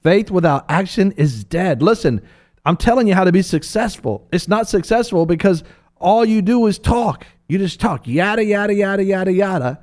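A high-pitched man speaking at a moderate pace teaches from the Bible, bringing playful energy to his preaching talk and impersonating the voices of biblical figures.

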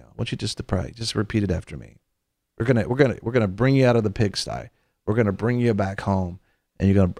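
A man's voice: on the low side, vocal fry, a little mellow, no room sound, studio quality. A man hosting a Christian show who preaches in a conversational way. He tells stories, quotes scripture, often repeats his phrases and leads his listeners in prayer.

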